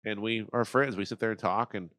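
A man's voice: lowish voice, fairly even intonation, fairly quick, a bit bright, no echo, clean studio sound. A man in casual conversation who rambles, swears freely and acts out quoted voices. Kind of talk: casual chat.

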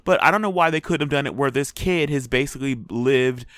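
Male co-host, rambly and halting, bright smooth voice, dry sound. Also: mid-range voice, dry recording. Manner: rambling, hesitant, many fillers. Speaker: podcast co-host. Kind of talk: casual TV review chat.

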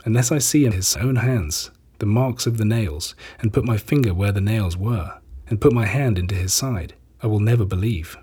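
A man voicing a doubting male disciple in a solemn, measured scripture reading. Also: fairly low pitch, mellow, slightly rough.

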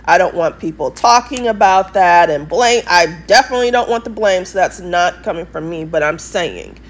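A woman's voice: fairly low pitch, lively intonation, moderate pace. A woman with an English accent talks in a rambling monologue to her viewers, emphatic and repeating herself for stress. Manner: emphatic, repetitive, insistent. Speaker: vlogger.

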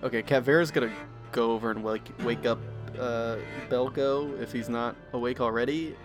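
A man playing a tabletop game tosses in quick jokes and asks the game master questions. Music is clearly heard behind him. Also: medium pitch, fairly even intonation. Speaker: player.

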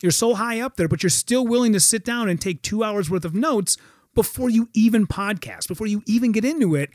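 A man telling a long story in casual, animated fashion, swearing freely and acting out quoted lines. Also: high-pitched, fairly quick, no room sound, clean studio sound. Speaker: guest.

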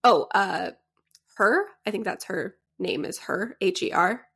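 A woman's voice: mid-range voice, unhurried, vocal fry, a bit bright, husky. A young woman co-hosting a podcast, chatting casually with lots of fillers and giggles. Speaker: podcast co-host. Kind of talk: casual chat.

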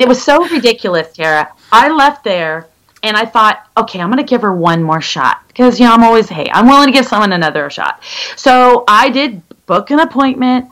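Candid, halting woman in her fifties. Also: a little high, lively intonation, a bit bright, poor audio. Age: 50s. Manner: candid, halting, many fillers and restarts. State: legally blind. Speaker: interview guest. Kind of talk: personal story in conversation.

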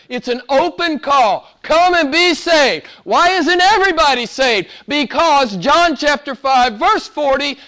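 A male preacher with a high-pitched voice delivers a sermon. He repeats phrases and asks rhetorical questions. He swings from loud, emphatic peaks down to hushed asides that are almost whispered. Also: animated, a little slow, hardly any pauses.

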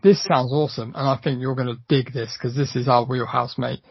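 A man co-hosts a horror podcast in loose, eager chat, stumbling through fillers and restarts. His voice has a gravelly, husky edge. It is recorded close and dry on a slightly dull mic. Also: mid-range voice, steady tone, fairly quick, dry recording. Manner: enthusiastic, lots of fillers and restarts. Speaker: podcast co-host.

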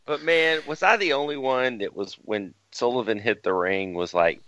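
A man's voice: medium pitch, moderate pace, hardly any pauses, pushed and bright, no echo, dull audio. A man co-hosting a podcast with wry, sarcastic commentary. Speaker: podcast co-host. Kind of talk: casual chat.

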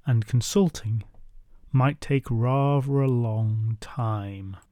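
Booming giant king, stern and slow, put on by a male narrator; mellow, dry. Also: dry recording, close to an everyday voice.

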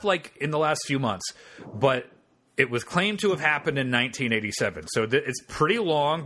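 A man's voice: mid-range voice, fairly bright tone. A man hosting a comedy podcast, telling a story in casual banter with profane, wry asides.

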